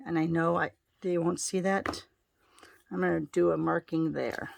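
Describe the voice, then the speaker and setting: A woman's voice: sits low, fairly even intonation, moderate pace, vocal fry, a little hiss or hum. A woman giving a casual card-making tutorial, chatting her way through each step as she works.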